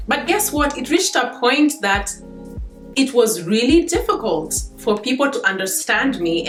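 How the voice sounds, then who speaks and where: A woman's voice: fairly high pitch, a bit bright, echoey room. A Kenyan woman in her thirties, chatting casually to camera as a vlogger, laughing between points.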